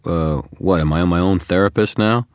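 Man reading a tired grumpy wizard guy, sarcastic, deep and dry. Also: a little fast, no echo, close to an everyday voice. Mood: gruff. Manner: gruff, defensive, sarcastic. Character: tired, sardonic male wizard hero. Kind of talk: audiobook character reading.

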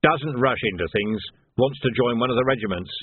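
A man's voice: medium pitch, fairly quick, breathy edge, no room sound, natural voice. A man voicing a nervous male sergeant who speaks hesitantly, eager to please. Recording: tinny narrow audio, dry.

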